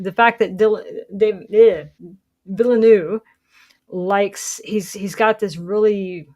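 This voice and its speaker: A woman's voice: on the low side, a little mellow. A woman hosting a casual gaming chat, rambling and correcting herself as she talks, laughing often. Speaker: streamer host.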